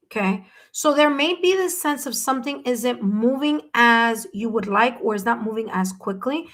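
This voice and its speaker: A woman hosting a live stream, giving gentle, reassuring tarot readings to viewers and often checking in with "okay?". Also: on the high side. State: hiccups. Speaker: tarot reader.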